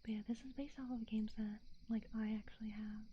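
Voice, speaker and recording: A woman talking in a soft whisper, rambling and thinking out loud in a casual whispered chat, recorded on a binaural dummy-head mic. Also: a little high, fairly even intonation, fairly quick, husky, dull audio. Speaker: ASMR streamer.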